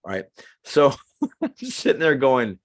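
A man in his thirties co-hosting a casual podcast chat, animated and acting out the lines he quotes. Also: medium pitch, takes it slowly. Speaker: podcast co-host.

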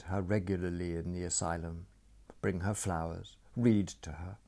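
A man narrating a story in a dry, measured storytelling manner. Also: deep voice, fairly even intonation, gravelly, mellow.

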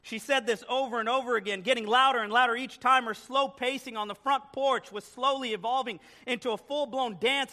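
A man's voice: very high-pitched, a little fast, bright, forceful tone. A man preaching a sermon as a guest preacher in a church, telling a story with playful joking asides. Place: church sanctuary.

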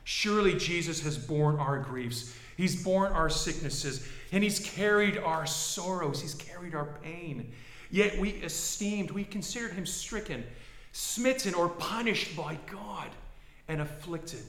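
A male pastor with a high, bright voice delivers a dramatic sermon, dropping to a hush and then rising to a shout. The room around him rings with echo. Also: unhurried. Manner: dramatic, swings from hushed to shouting.

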